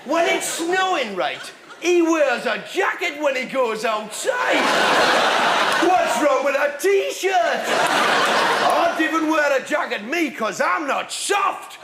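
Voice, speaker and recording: Brash Geordie lad, very high yelling voice, slow delivery, roomy stage, loud crowd. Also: male voice, sing-song, very noisy, exaggerated voice. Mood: rowdy bragging. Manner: shouting, boastful, swearing. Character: loud brash northern lad, tough and boastful. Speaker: comedy character. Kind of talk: live sketch comedy monologue. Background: audience laughter.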